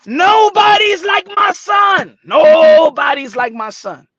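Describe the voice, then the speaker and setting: A man imitating a loud, hot-tempered older boxing father who shouts indignantly and drags out his words. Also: very high voice, expressive, slow pace, muffled recording, full character voice. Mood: indignant shouting.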